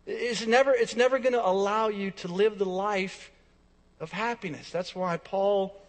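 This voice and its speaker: High-voiced preacher in an echoing hall. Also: male voice, fairly even intonation, a little slow. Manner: emphatic preaching with repeated phrases and swings in volume. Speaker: pastor. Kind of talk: sermon. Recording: long reverb of a large hall.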